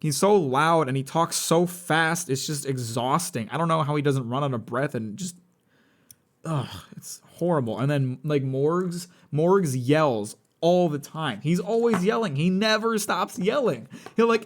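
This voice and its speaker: A man's voice: on the high side, measured pace. A young man chatting casually on a live stream, rambling, blunt and profane with a sardonic edge. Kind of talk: casual live-stream chat while building a model kit.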